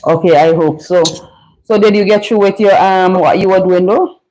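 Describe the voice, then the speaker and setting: A woman's voice: mid-range voice, normal speed, warm tone, slight background noise, poor audio. Vincentian woman hosting a casual live chat. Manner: chatty, dialect-heavy creole phrasing. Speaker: livestream host.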